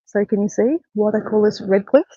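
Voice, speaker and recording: A woman's voice: mid-range voice, a little fast, warm tone, breathy edge, no echo, dull audio. A woman hosting a casual live stream outdoors by a bay, chatting to viewers in an upbeat way. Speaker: livestream host. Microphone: handheld phone.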